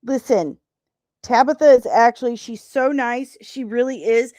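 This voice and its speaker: A woman's voice: on the high side, measured pace, a little mellow, dry recording, clean studio sound. A young woman hosting a casual live stream, bantering playfully with her chat and laughing in exasperation. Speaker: host of a pop culture live stream.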